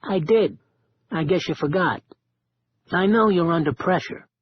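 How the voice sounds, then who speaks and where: A man's voice: sits high, unhurried, slightly rough, highs cut off, pitched above the performer's own voice. A man voicing an earnest, fussy male tech geek who speaks in a matter-of-fact way.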